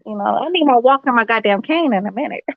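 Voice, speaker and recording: A woman's voice: fairly high pitch, lively intonation, quick pace, no echo, narrow, tinny audio. A woman from Chicago hosting a casual online chat, joking and laughing at herself. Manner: joking, laughing, self-mocking.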